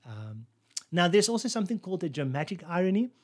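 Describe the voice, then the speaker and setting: Guy teaching bible stuff, kinda higher voice, lots of ums and little laughs. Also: quick pace. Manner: relaxed, chuckles, many fillers and restarts. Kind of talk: casual explanatory lesson.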